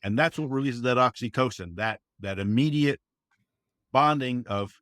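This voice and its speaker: A man's voice: mid-range voice, moderate pace, a bit bright, no echo, clean studio sound. A man speaking as a podcast guest in casual conversation, earnest and folksy, often saying "you know" and acting out quotes. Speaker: guest, service dog trainer.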